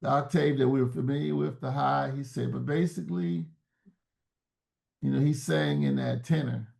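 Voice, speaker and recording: A man's voice: mid-range voice, fairly even intonation, moderate pace, gravelly, darkish tone. A man talking as an interview guest in a reflective, searching way, often restarting words mid-thought. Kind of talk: casual interview talk.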